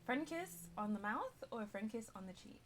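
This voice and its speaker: A woman's voice: fairly high pitch, very animated, normal speed, fairly bright tone, slight background noise. A woman in casual in-character roleplay chat, thoughtful and questioning.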